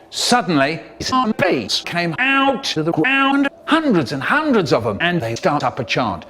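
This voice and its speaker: An older man narrating a comic story theatrically, swinging between hushed asides and sudden bursts. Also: high voice, big pitch swings, measured pace, hardly any pauses, slight background noise.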